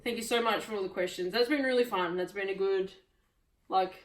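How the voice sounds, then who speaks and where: A woman's voice: medium pitch, brisk, distant mic. A woman with an Australian accent hosting a casual vlog chat, talking in a chatty, giggly way. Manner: chatty, giggly, sign-off patter. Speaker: vlog host. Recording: roomy echo.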